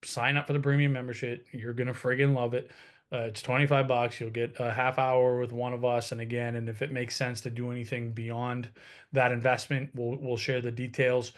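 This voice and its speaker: A man's voice: medium pitch, flat delivery, a little fast. A man in his thirties, co-hosting a webinar, talking in a casual, salesy way with frequent restarts. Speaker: co-host. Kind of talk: webinar talk.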